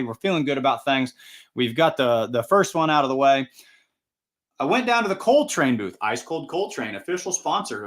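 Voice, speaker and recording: A chatty male host who announces tractor pulls, rambling through friendly stories on a casual livestream. His voice sits slightly higher than most men's. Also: fairly bright tone. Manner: chatty, rambling, upbeat anecdotes.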